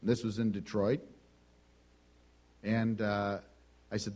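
A man preaching a sermon, telling a personal story in a conversational, animated way and acting out the dialogue. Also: on the low side, slow pace.

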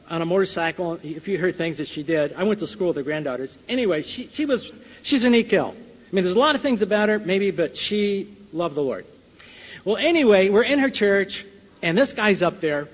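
An older man with a notably high voice tells a personal story to a church audience. He chuckles often and acts out the scenes as he goes. His voice rings with the long reverb of a large hall. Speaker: Bible college teacher and speaker.

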